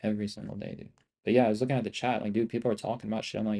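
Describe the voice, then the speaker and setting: A young man streams his options trading live, talking casually to his chat in a rambling, boastful, profane and repetitive way. His voice is low and dark with vocal fry, barely shifting in pitch as he fires words off rapidly.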